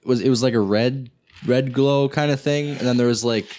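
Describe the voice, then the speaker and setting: A man's voice: mid-range voice, fairly quick, a little mellow. A man in his early twenties co-hosting a casual podcast, rambling with lots of "like" and "you know.". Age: 20s. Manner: rambling, filler-heavy. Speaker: podcast co-host. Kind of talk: casual chat.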